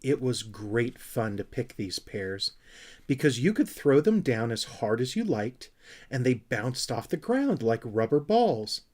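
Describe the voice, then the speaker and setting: Man reading a kids' book out loud, gentle and expressive, pitch going up and down a lot. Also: measured pace. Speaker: audiobook reader. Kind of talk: storybook narration.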